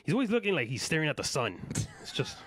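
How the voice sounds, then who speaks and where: A man hosting a casual live podcast, joking and hyped as he shouts out viewers, sounding a little fatigued. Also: a little high, wildly swooping pitch, quick pace, breathy edge, no echo, studio quality. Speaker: podcast host.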